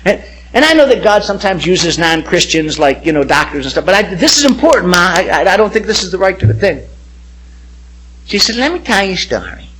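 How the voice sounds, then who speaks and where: A middle-aged man, a pastor, telling his personal testimony in an animated way and acting out the voices of people he quotes. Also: high-pitched, fairly quick, slight background noise.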